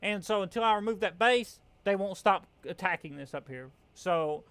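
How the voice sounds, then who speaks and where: A man's voice: high voice, animated, normal speed, a bit bright, clear, resonant tone, dry recording. A young man with a Southern US accent, casually talking through a survival game and venting his frustration as the channel host. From American South. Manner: frustrated, rambling, self-correcting. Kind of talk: casual gameplay commentary.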